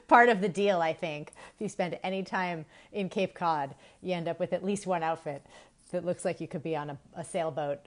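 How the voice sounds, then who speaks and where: A woman's voice: on the low side, moderate pace. Chatty woman hosting a live stream. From Massachusetts. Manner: chatty, laughing, greets viewers by name. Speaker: host of a live stream on women's hormones. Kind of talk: live stream chat with viewers.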